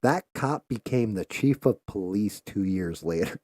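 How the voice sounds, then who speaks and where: Man, low-pitched, mellow, dry close sound, casual profane storytelling, filler words. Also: measured pace, no echo. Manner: animated when quoting others. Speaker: live stream host. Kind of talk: casual storytelling while painting.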